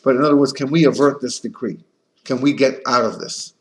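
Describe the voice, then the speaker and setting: A man, a rabbi, giving a Torah class in an animated storytelling manner with frequent restarts. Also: mid-range voice, fairly quick, a little hiss or hum.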